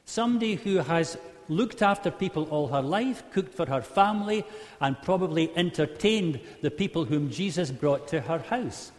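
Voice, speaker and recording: A man's voice: a little high, expressive, moderate pace. A man preaching a humorous sermon, telling a Bible story and acting out the quotes in varied voices. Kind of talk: sermon storytelling to a live group. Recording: long hall reverb.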